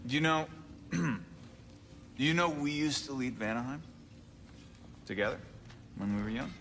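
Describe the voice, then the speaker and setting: A man's voice: mid-range voice, expressive, takes it slowly, vocal fry, fairly bright tone, long reverb tail, slight background noise, exaggerated voice. An actor playing an easygoing, fun-loving male leader with a laid-back, joking manner, in a video game cutscene. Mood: reflective.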